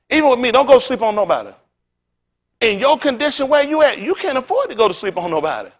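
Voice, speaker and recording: A man preaching a fiery sermon, firing rhetorical questions at the congregation and dropping into low, conversational asides. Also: fairly bright tone. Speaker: pastor.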